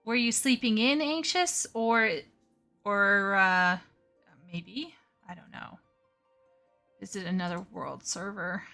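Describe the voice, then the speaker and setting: A woman's voice: medium pitch, takes it slowly, creaky, long pauses, sharp tone, soft background music. A woman chatting casually with her viewers while gaming on a live stream, often flustered and stammering. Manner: chatty, flustered, talks to chat while playing. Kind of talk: casual gaming livestream chat.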